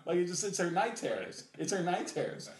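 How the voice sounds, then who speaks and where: A middle-aged man hosting a podcast tells rambling, laid-back stories packed with fillers and laughter. His voice sits high and sing-song at a fairly quick pace, with crowd noise, a roomy echo, and faint background noise.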